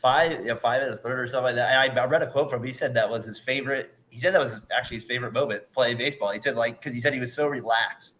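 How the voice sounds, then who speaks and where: A man hosting a casual sports interview, quick and eager, reacting with frequent laughter. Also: medium pitch, a bit bright. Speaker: interview host.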